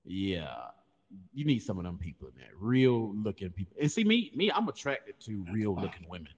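Guy cracking jokes on a podcast, low voice that jumps around a lot, long reverb on it. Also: moderate pace, husky, highs cut off. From Southern US. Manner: joking, animated storytelling. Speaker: podcast co-host. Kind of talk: casual chat.

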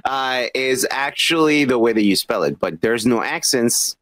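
A man co-hosting a casual podcast, talking in a profane, laughing, animated way. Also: mid-range voice, normal speed, no echo. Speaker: podcast co-host. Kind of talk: casual drinking chat.

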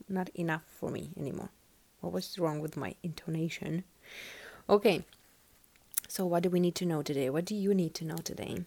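A woman's voice: on the low side, normal speed, vocal fry, dark tone. A woman who is not a native English speaker hosts a casual spiritual podcast and reads tarot, talking in an earnest, musing way full of "like" and "you know.". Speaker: podcast host reading tarot.

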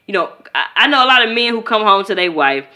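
A woman from Chicago co-hosting a podcast in casual chat, animated and profane, acting out quoted voices. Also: mid-range voice, fast talker. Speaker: podcast co-host.

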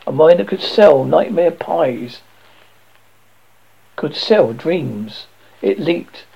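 A man's voice: on the high side, animated, extremely slow, vocal fry, breathy edge. A man narrating a novel aloud in an amateur reading, often stumbling and correcting himself. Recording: dull lo-fi recording.

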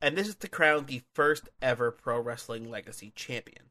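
A man's voice: medium pitch, moderate pace, bright, forceful tone. A man co-hosting a casual podcast, talking loosely with lots of fillers and restarted sentences. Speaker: podcast co-host reviewing wrestling matches. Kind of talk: casual chat.

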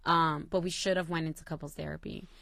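A young adult woman co-hosting a casual chat, telling stories in an animated way and swearing freely. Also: deep voice, fast, creaky, dry recording. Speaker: co-host.

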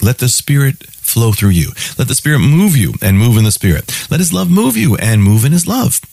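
Animated man preaching on radio. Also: mid-range voice, brisk, creaky. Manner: emphatic repetitive preaching cadence. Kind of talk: radio sermon with on-air offer.

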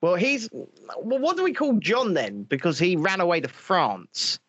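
A man hosting a live stream, his pitch on the high side and swinging up and down as he chats and swears freely. The sound is dry and a little dull, with no room around it. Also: measured pace, no room sound. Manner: swears freely, animated and chatty. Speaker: live streamer reading chat. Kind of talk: casual live stream chat.

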